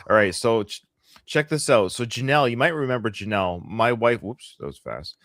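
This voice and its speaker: A middle-aged Canadian man co-hosts a live podcast, chatting casually in a joking, rambling, sarcastic manner. His lowish voice is expressive and a bit bright, at a moderate pace. The clean studio sound has no room reverberation.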